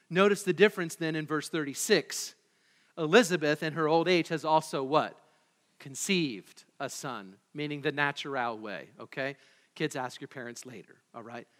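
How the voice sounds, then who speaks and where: High bright-voiced guy preaching, lively and chatty, echoey church hall. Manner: animated, conversational, asks the congregation questions. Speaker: pastor. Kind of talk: sermon. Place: church sanctuary.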